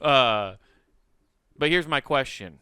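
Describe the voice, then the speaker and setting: Bright, crisp-voiced joking man. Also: medium pitch, expressive, slow pace, dry recording, clean studio sound. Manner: joking, laughing often, swearing freely. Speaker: podcast co-host. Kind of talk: casual comedy podcast banter.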